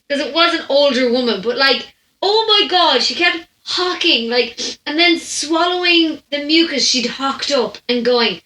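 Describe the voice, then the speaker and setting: A woman's voice: high-pitched, lively intonation, a little slow, sharp tone. A young Irish woman hosting a storytime podcast, chatting animatedly, laughing often and breaking off mid-sentence. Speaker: podcast host. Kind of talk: storytime anecdote chat. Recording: roomy echo.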